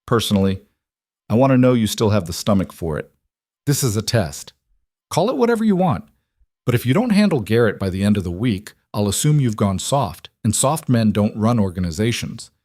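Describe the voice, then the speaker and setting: Man reading as merciless mob boss, soft, dangerous, low voice, dry sound, storybook. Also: very animated, fairly quick, no echo. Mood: menacing. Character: cold, menacing male crime boss.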